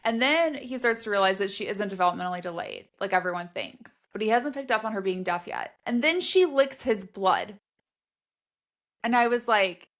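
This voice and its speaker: A woman's voice: mid-range voice, expressive, moderate pace, fairly bright tone. A woman co-hosting a book podcast, quippy and full of playful questions. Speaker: podcast co-host. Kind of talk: casual book discussion.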